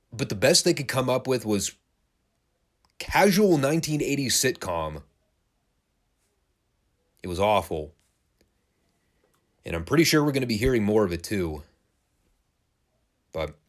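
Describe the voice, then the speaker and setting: A man with a lowish voice talks through a wrestling review in a loose, conversational way. His delivery swings widely in pitch, and he laughs and drops casual curses as he goes. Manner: animated, laughing, casual swearing. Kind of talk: casual recap commentary.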